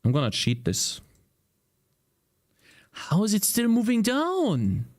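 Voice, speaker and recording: A man's voice: high-pitched, huge pitch swings, takes it slowly, darkish tone. A man developing a game while talking to himself, frustrated and swearing, his voice strained from screaming. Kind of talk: casual livestream coding commentary.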